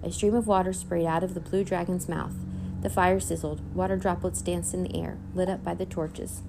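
A woman reading a children's chapter book aloud in clear, even storytelling. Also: lowish voice, moderate pace, noisy background. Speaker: read-aloud narrator.

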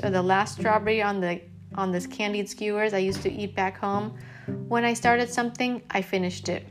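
A woman narrating a storybook aloud in the first person, expressive and lively. Her voice sits at an ordinary pitch, with faint music playing behind her. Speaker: audiobook reader.

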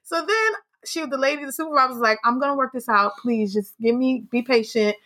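A woman hosting a podcast, telling a story in casual, animated chat, swearing freely and acting out what people said. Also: high-pitched, brisk. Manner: animated, swearing, acts out quotes. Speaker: podcast host.

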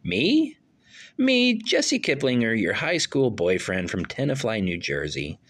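A woman's voice: rumbling low, very animated, measured pace, slightly rough, exaggerated voice. A woman doing a gushing male film producer. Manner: effusive, gushing. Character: eager middle-aged male film producer. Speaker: actor in a rehearsal. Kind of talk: rehearsed stage play reading.

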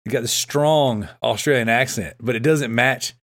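A man's voice: mid-range voice, normal speed, a bit bright. A man hosting a casual podcast chat, rambling with fillers and frequent laughs. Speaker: podcast host.

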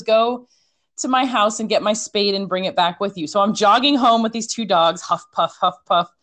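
A woman telling a story in a casual chat, animated and chatty, with many fillers. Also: fairly high pitch.

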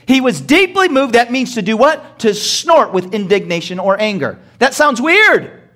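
Speaking at normal speed, this pastor has an extremely high voice, fairly bright in tone, that swings widely in pitch. His sermon mixes rhetorical questions to the congregation with funny little acted-out dialogues.

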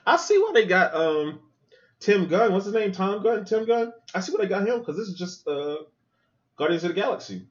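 Male podcast host with a very animated, crude watch-along delivery and a muffled lo-fi sound. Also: high voice, moderate pace. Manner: loose, profane, joking running commentary. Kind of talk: casual movie watch-along commentary.

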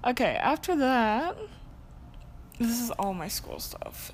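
With a fairly high, lively voice, a young college woman takes it slowly as she hosts her solo podcast. The chat is casual and rambling, full of ums and self-corrections, over slight background noise.

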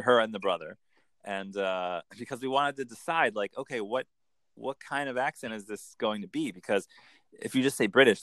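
A man working as an accent coach, chatting in an animated, storytelling way. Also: lowish voice, dry recording. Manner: animated, lively storytelling with quick bursts into put-on voices. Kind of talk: casual interview chat.

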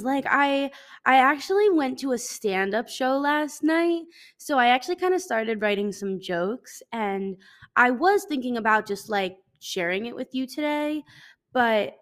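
A woman's voice: fairly high pitch, lively intonation, moderate pace, a bit bright. Rambling young woman podcast host. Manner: rambling, self-deprecating, swears casually. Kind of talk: casual solo podcast chat. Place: living in a hot city.

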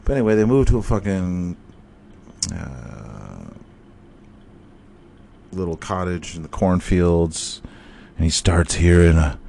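Solo on his sports podcast, this host rants and tells lively, profane, rambling stories. His voice is low-pitched with vocal fry, moving at a moderate pace and pausing often, and a slight hiss or hum is audible.

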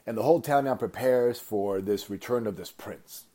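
A man, a company founder, telling a motivational story with emphatic, animated delivery and frequent repetition. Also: fairly low pitch, normal speed.

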